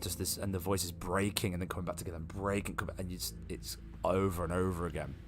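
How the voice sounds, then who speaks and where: Deep-voiced male game master. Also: quick pace, soft background music. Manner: relaxed, filler-heavy describing. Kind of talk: narrating a tabletop game.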